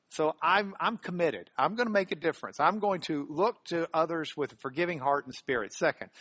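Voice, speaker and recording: A man teaching a Bible lesson in an earnest, animated way, with sudden emphatic rises and softer prayerful passages. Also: high voice, fast, no echo. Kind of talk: sermon-style Bible lesson.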